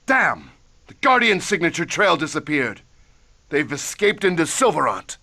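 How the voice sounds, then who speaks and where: A man voicing a frustrated male pursuer in a video game, with a flat, matter-of-fact delivery. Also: on the high side, normal speed, a little hiss or hum, full character voice. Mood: annoyed.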